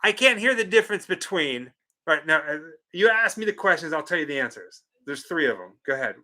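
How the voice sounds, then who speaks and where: An animated male co-host chatting casually on a livestream. His voice is bright and forward, and he teases and protests with lots of energy. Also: on the high side, fairly quick. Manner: animated, incredulous, teasing.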